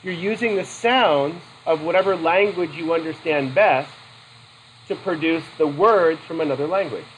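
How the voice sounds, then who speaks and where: This psychology lecture comes from a man with a slightly high voice who speaks at a moderate pace. He keeps it loose and conversational, questioning students, adding casual asides and self-correcting. The recording is rough with slight background noise.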